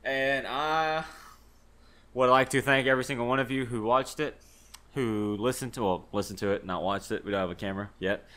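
A man's voice: medium pitch, normal speed, bright, forceful tone. A young man, a podcast co-host, telling a rambling story in casual chat and swearing freely.

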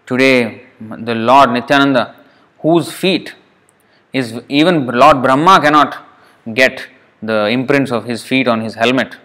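A man's voice: medium pitch, a little slow, sharp tone. A man speaking at a temple, telling a sacred story in a conversational sermon, acting out the quotes and asking the listeners questions.

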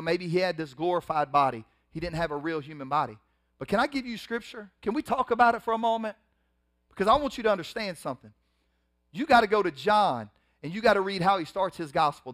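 High-voiced preaching man with big swells. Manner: preacher's swells, loud emphatic rises and hushed drops; colloquial, acts out biblical scenes in casual speech. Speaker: pastor. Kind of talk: sermon.

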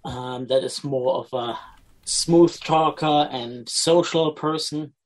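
A man's voice: a little high, slow pace, rough recording. A man chatting casually as a tabletop player, stammering a bit while thinking aloud. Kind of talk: casual chat.

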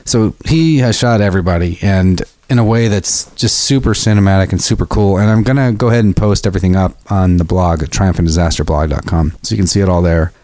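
Low-voiced relaxed podcast host. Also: male voice, fast, hardly any pauses, dry recording. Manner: relaxed, loose, filler-heavy. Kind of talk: casual podcast intro and chat.

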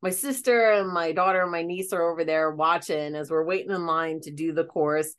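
A woman telling stories in a casual conversation, chatty and quick to laugh. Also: low-pitched, fairly even intonation, a bit bright, clean tone. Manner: chatty storyteller, breaks into laughter.

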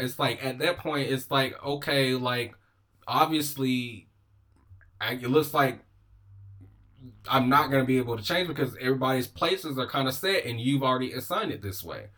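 A man's voice: mid-range voice, moderate pace, a bit bright. A man hosting a casual chat show, rambling with many restarts and giggling. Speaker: podcast host.

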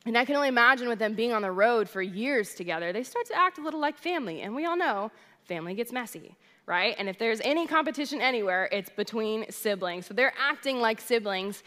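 A woman's voice: fairly high pitch, animated, a little fast, bright, forceful tone, in a large hall. A young adult woman, a worship director, giving a sermon in a chatty storytelling way. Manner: chatty storytelling, addresses crowd as "you guys". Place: church hall.

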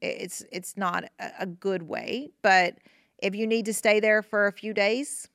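A woman hosting a podcast, talking casually and gently about grief, reassuring listeners with lots of fillers and restarts. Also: medium pitch, fairly even intonation, measured pace, dry recording, studio quality. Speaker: podcast host.

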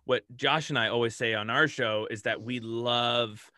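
A man guests on a casual podcast, talking slowly and drawing out his words. His voice is bright and crisp, and the sound is dry. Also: medium pitch, fairly even intonation, dry recording.

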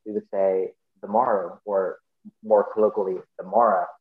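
Northern Irish man, podcast guest, low-ish voice, reflective and halting, roomy dull remote audio. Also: flat delivery. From Northern Ireland. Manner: thoughtful, explains with many ums and restarts. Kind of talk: casual interview chat.

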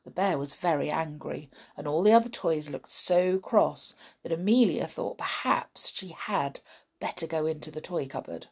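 A woman reading a children's story aloud in an expressive way, with chatty asides to her young listeners. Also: low voice, normal speed, slightly rough.

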